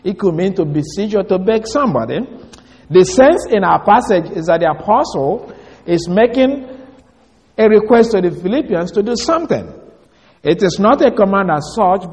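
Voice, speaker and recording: A man with a high voice teaches from scripture in a deliberate, explanatory way, and he stops to spell out Greek words letter by letter. His voice carries a long reverb, as if he is speaking in a large hall. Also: a little mellow. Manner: slow, emphatic reading of scripture. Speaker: Bible teacher. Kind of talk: expository Bible teaching.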